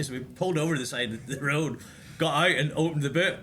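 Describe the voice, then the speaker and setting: A man's voice: on the high side, rapid-fire, fairly bright tone, slight background noise. A middle-aged man in a casual podcast chat, a DJ recalling old gigs and acting out the voices in his stories. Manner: storyteller who acts out quoted dialogue. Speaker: DJ and podcast guest.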